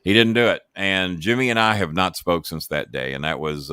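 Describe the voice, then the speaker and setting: Man, 60s, low, lively, profane raconteur; dry close sound. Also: normal speed, clean tone, no echo. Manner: animated storyteller, swears freely, acts out quotes. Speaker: guest, former wrestling manager. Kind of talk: profane storytelling in a podcast chat.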